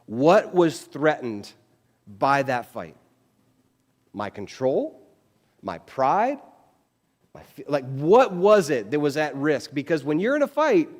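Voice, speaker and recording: A man's voice: on the high side, big-room sound. A man preaching a casual, conversational sermon as pastor, acting out bits of everyday dialogue. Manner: chatty, animated, acts out quoted dialogue. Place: church sanctuary.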